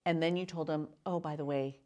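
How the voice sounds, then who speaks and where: A woman's voice: low-pitched, fairly even intonation, fairly quick, dark tone, dull audio. A woman hosting a casual chamber of commerce podcast, teasing her guest and prompting him to fill in details of his story. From Southern California. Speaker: podcast host. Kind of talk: casual interview.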